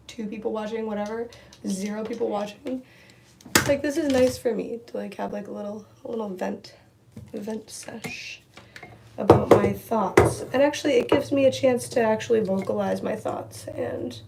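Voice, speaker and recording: Young woman, casual livestream vent, blunt and swearing, gravelly voice, faint room hiss. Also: a little high, a little mellow. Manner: frank, swears freely, many fillers. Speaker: livestream host. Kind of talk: casual ranting while doing makeup. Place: home room.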